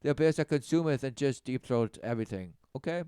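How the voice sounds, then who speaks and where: A man delivering a mocking sermon rant, often mimicking others in high, sarcastic voices. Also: expressive, fast, dark tone, clear, resonant tone, no echo, clean studio sound. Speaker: preacher.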